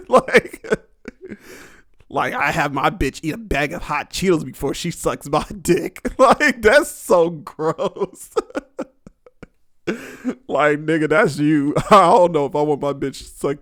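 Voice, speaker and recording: Crude, laughing young man with a higher voice. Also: unhurried, a bit bright, no room sound, clean studio sound. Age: young adult. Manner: crude, rambling, laughs often. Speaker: podcast host. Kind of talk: casual podcast monologue.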